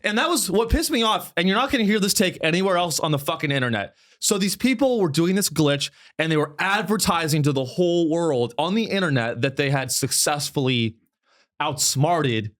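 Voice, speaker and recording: Animated, profane male comedian host. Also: a little high, moderate pace. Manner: animated, profane, rambling with mocking impressions. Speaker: podcast host. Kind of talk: casual comedic podcast chat.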